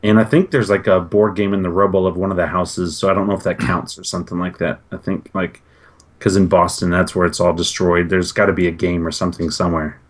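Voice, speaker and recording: A man's voice: low voice, little pitch movement, fast talker. A man co-hosting a gaming podcast, telling stories in an easygoing, rambling way. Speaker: podcast co-host. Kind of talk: casual chat.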